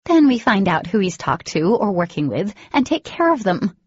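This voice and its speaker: A woman voicing a fierce, vengeful teenage girl who shouts in a shrill voice. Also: big pitch swings, moderate pace, breathy edge, dry recording. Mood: furious. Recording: dull lo-fi recording.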